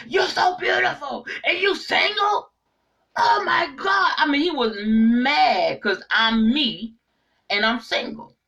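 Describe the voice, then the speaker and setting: A middle-aged woman giving a casual spiritual monologue to her viewers, animated and preachy, speaking straight to the audience. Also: fairly high pitch. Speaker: online inspirational speaker.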